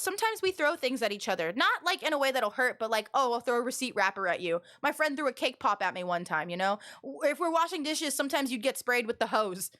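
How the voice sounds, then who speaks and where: A young woman with a notably high voice tells stories to her live chat. She talks loudly and animatedly, rambling along with plenty of "like" fillers in a casual streamer chat. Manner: loud and expressive.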